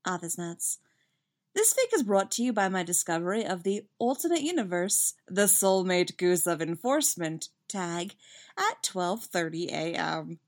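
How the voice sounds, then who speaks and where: A woman reading a fan story aloud with lively, expressive narration. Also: on the low side, a little slow. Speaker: fanfiction reader.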